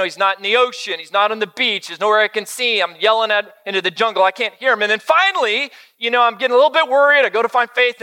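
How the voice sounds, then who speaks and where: Middle-aged guy preaching, high voice, talks casual with lots of ums and asks the crowd stuff. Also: sharp tone. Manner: chatty, with frequent fillers and direct questions to the audience. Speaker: pastor. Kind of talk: conversational sermon.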